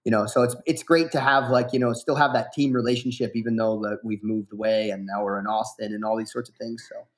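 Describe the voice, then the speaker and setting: A man in his thirties, a fighter guest on a podcast, talking in a relaxed, rambling way full of fillers and restarts. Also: on the low side, a little fast. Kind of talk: casual podcast interview.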